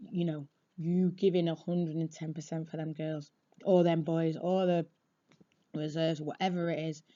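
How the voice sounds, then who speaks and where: A woman telling a blunt, lively story, warm voice. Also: low-pitched, lo-fi sound. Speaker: football supporter. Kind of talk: casual storytelling.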